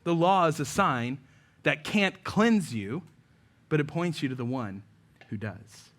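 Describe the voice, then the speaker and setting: A pastor delivers a sermon in a slightly high male voice. He tells stories and acts out the people he quotes. He often drops to a near-hush at the end of a phrase. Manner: preaching with story-telling, voicing quoted people.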